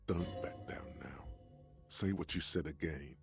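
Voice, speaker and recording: An actor voicing a male game narrator, an inner voice that speaks low and measured. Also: over music. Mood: coaxing.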